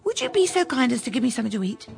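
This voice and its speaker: A woman's voice: high-pitched, big pitch swings, rapid-fire, vocal fry, faint music behind, voice pushed up, full character voice. Woman playing a sweet-talking young boy. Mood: wheedling. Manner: polite, wheedling.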